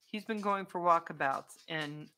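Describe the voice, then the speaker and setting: A woman's voice: lowish voice, unhurried, pushed and bright, slight background noise. A woman vlogger in a casual live-stream chat with viewers, chatty and playful, often laughing and breaking off to talk to her dog.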